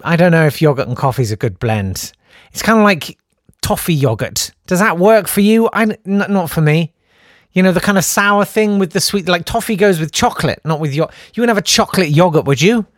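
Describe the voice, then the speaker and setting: A man's voice: sits high, animated, fairly quick, dry recording, studio quality. Wry rambling male podcast host. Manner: rambling, wry, many fillers. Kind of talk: casual chat, reading out listener messages.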